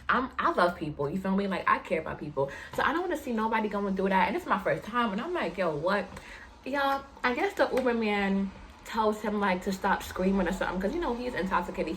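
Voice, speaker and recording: A woman in her twenties in casual storytime chat to camera, animated, jumping in pitch and talking straight to her viewers. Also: a little hiss or hum. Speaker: vlogger telling a personal story.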